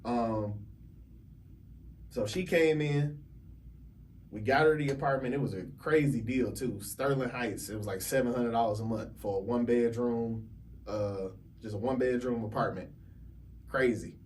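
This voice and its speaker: An animated man tells a story as a realtor guest on a podcast, laughing often and acting out what other people said. The mic sits a bit far from him, with faint noise in the background. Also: mid-range voice, normal speed. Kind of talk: casual storytelling.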